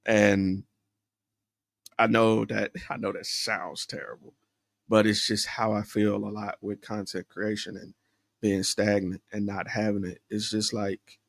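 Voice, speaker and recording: A man's voice: fairly low pitch, little pitch movement, unhurried, gravelly, dry recording, clean studio sound. A man hosting a solo podcast, talking candidly and introspectively, rambling with fillers and restarts. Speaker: podcast host.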